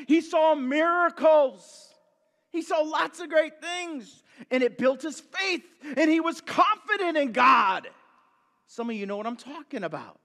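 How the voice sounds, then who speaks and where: A man giving a sermon as a guest pastor, telling the story with lots of energy, jumping from loud bursts to quiet asides and joking with the congregation. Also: very high voice, long reverb tail. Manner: animated storytelling, swinging between loud bursts and hushed asides; jokey, talks straight to the congregation.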